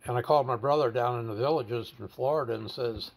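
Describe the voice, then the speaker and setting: A man with a gravelly, fry-edged voice tells his own story in an interview. He speaks bluntly and swears casually. He often stalls and repeats words while he recounts what happened. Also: medium pitch, quick pace. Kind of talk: candid personal storytelling.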